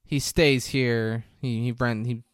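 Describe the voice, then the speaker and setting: A man voicing a blunt young woman in a movie recap, talking flatly and matter-of-factly. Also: mid-range voice, slow, clear, resonant tone, no echo, studio quality, natural voice.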